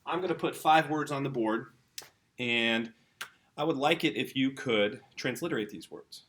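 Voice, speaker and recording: Bright-voiced enthusiastic male teacher. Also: medium pitch, normal speed, slight background noise. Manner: enthusiastic, chatty, addresses the kids directly. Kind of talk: informal home-school lesson.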